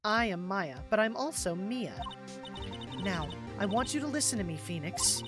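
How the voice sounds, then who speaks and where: Calm reassuring woman spirit mentor, read by a woman streamer, steady, encouraging, game music behind. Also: mid-range voice, normal speed, close to an everyday voice.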